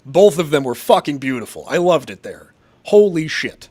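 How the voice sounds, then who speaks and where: A man's voice: a little high, very animated, normal speed, darkish tone. A man from Massachusetts hosting a casual live show, reading chat and rambling in a crude, profane, jokey way.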